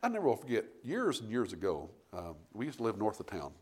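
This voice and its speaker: A middle-aged man preaching a sermon, telling homey stories and building to forceful emphasis. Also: lowish voice, huge pitch swings, fast talker, slightly rough. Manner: folksy storytelling preacher, rising to forceful emphasis. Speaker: pastor.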